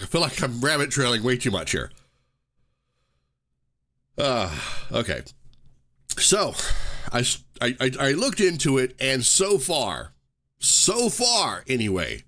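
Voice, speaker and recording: Animated ranting man podcaster. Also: mid-range voice. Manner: animated, ranting, self-interrupting with repeated restarts. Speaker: podcast host. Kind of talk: casual ranting podcast chat.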